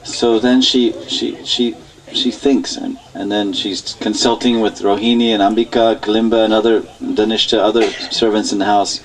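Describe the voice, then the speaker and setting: A man preaching at a temple, telling a story in an animated way and laughing often. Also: fairly low pitch, normal speed, recorded from a distance, poor audio. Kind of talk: storytelling lecture. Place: temple hall.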